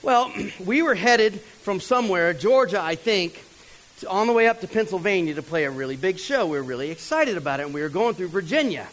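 A man's voice: brisk, poor audio. A man, telling a funny story from the pulpit and talking straight to the crowd. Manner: animated, talks to the crowd, mimics others in a higher voice. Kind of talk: storytelling sermon.

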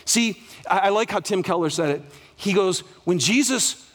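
A male pastor delivering a sermon, rising to loud cries and dropping to hushed, quiet lines. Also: normal speed, slight background noise. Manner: dynamic preaching, swings from loud cries to hushed lows.

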